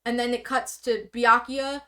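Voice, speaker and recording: Chatty woman, stream guest, slightly high pitch, filler-heavy run-on delivery with sudden speed-ups. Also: level tone, bright, forceful tone. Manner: rambling, filler-heavy, bursts of rapid talk. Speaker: stream guest presenting slides. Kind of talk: casual explaining to a streamer. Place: streaming setup indoors.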